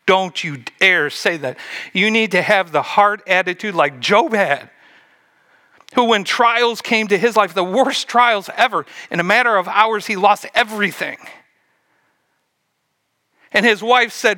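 A male preacher delivers a sermon in an animated, storytelling way. His voice is bright and sits a little high for a man. He acts out the scripture scenes and sinks to a near hush to drive his points home. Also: unhurried. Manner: animated preaching, acting out Bible scenes, dropping to a hush for emphasis. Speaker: pastor.

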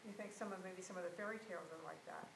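A woman's voice: lowish voice, steady tone, very fast, gravelly. A woman in a class asking the teacher tentative questions, recorded from across the room. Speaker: class member. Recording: distant, echoey room, noisy.

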